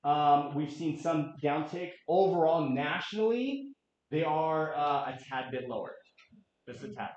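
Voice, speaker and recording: A man in his late thirties presenting a real estate market update to a room, energetic and quizzing the audience. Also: on the high side, a little slow. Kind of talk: interactive office presentation. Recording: echoey room, dull lo-fi sound.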